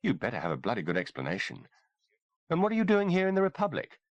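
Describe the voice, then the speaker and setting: A man's voice: mid-range voice, very animated, quick pace, dry recording, highs cut off, pitched above the performer's own voice. A man reading a scared, indignant author. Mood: frightened indignation. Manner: agitated, sputtering, swearing. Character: frightened, indignant male author, middle-aged.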